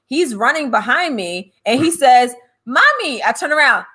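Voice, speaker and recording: A woman with a slightly high-pitched voice hosts a casual podcast chat. She tells stories with lots of energy and acts out the quotes as she goes. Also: normal speed. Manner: animated, laughing, acts out quotes. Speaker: podcast host and author.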